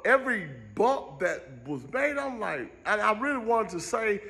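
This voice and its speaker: A man's voice: extremely high pitch, lively intonation, moderate pace, vocal fry, few pauses, bright, forceful tone. A man doing a casual live-stream comedy rant, rambling and jumping between jokes and asides.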